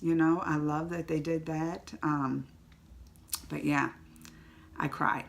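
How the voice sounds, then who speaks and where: A woman giving a casual, emotional vlog movie review to the camera, chatty and quick to tear up or laugh. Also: deep voice, steady tone, gravelly.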